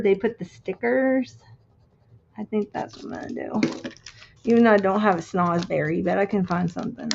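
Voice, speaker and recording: A woman chatting casually as she crafts on a stream, thinking out loud and reading quotes slowly. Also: a little high, muffled recording, a little hiss or hum. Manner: thinks aloud, muttering to herself; reads quotes slowly and deliberately. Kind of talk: casual craft-along chat.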